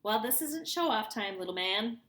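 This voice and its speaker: Woman reader plays a bright-toned kid who gives calm, steady pep talks. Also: a little high, moderate pace, voice pushed up. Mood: coaching. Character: calm, kind schoolboy friend. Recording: roomy echo.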